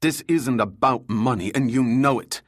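A man's voice: on the low side, normal speed, a bit bright, dry recording, studio quality. A male narrator voicing a hot-tempered mercenary captain who talks bluntly and defiantly. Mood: scoffing.

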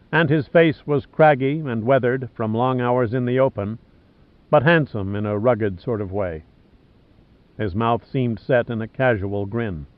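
A man reads a novel aloud at a steady, measured pace of storytelling. The sound is thin, like a phone line. It is dry, with no room echo. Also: mid-range voice. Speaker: narrator. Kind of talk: scripted audiobook narration.

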